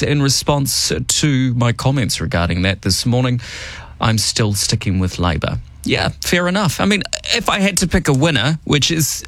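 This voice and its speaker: In a radio studio, a man hosts a morning show, chatting about politics with a wry, lively manner and running through the news in a casual way. His voice is medium-pitched with no echo.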